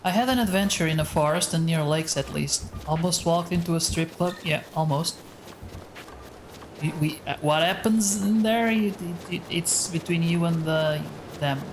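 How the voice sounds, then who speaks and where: A man with a soft voice chatting casually with his viewers while he streams a game, rambling as he plays. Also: a little high, moderate pace, slight background noise. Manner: rambling, talks to chat while playing. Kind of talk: casual live-stream gameplay chat. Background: faint game music.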